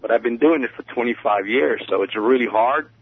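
A man calling in to a radio show, speaking hesitantly with many pauses and restarts as he confides. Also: mid-range voice, husky, no room sound. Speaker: radio caller. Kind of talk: phone-in conversation. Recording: tinny phone line on radio.

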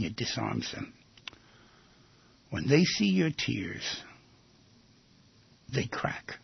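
Very husky, gravelly man lecturing. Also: mid-range voice, no echo, dull audio. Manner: rhetorical questions, acts out quoted voices. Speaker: speaker giving a talk on relationships. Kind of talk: animated lecture to an audience.

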